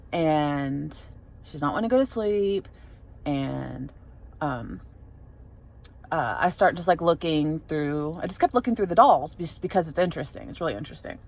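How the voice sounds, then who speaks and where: A woman's voice: low voice, lively intonation, moderate pace, vocal fry, a little mellow. A young adult woman telling a story in a casual vlog, rambling with lots of fillers and restarts. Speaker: vlogger.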